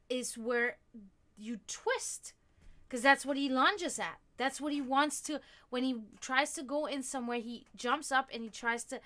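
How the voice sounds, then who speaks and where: Woman, high voice, casual livestream host, chatty and giggly. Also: a bit bright. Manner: chatty, laughs often, thanks viewers.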